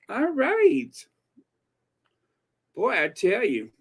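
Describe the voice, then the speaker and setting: A man's voice: very high voice, huge pitch swings, gravelly, a bit bright, husky. A man hosting a commentary channel in casual chat, laughing and repeating himself as he rambles. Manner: chatty, slow, laughs between words, repeats himself.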